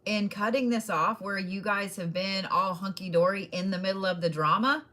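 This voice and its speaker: A woman's voice: medium pitch, moderate pace, sharp tone. A woman giving casual, blunt zodiac readings straight to each sign, swearing freely and laughing often. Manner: direct address to each sign. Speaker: tarot and astrology reader.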